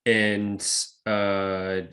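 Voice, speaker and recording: Young guy on a podcast, low-ish voice, cusses a lot, laughs easy. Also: completely flat delivery, drawn-out words, fairly bright tone. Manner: swears a lot, laughs, jumps into put-on doll voices. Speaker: podcast co-host. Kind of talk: casual chat.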